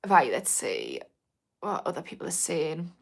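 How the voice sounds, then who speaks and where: A woman's low, creaky voice swoops wildly in pitch as she talks unhurriedly. A North East English addiction recovery coach, she answers comments in a live stream chat, rambling and restarting many times.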